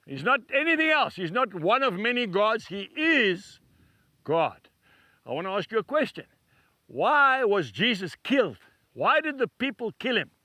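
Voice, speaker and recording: A male TV preacher delivers an emphatic, repetitive devotional sermon outdoors beside cattle stalls. His voice sits high and bright and swings widely in pitch. The sound is close and dry. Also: very animated, measured pace, dry recording.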